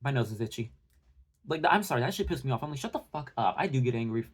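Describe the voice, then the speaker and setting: A young man delivering a heated, profane, sarcastic rant to his viewers, talking in fast bursts with many fillers. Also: medium pitch, lively intonation, breathy edge. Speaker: commentary channel host.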